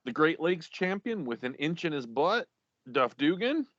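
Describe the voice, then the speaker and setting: A man's voice: fairly high pitch, big pitch swings, normal speed, a bit bright, no echo, dull audio. A man co-hosting a casual podcast, reading out league champions while stumbling over names and laughing at himself.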